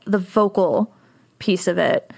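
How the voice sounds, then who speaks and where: A woman's voice: on the low side, slow pace, vocal fry, a little mellow. A woman hosting an interview, reacting with enthusiasm. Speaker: host.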